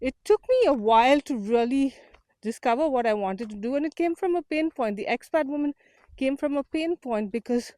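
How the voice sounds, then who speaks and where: Woman from india, higher voice, dry close sound, motivational walk-and-talk vlog, a bit out of breath. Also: expressive, normal speed, mellow, dry recording. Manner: earnest, motivational, with restarts. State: out of breath from walking uphill. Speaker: community founder and host. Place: outdoors on a walk, windy. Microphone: small portable mic.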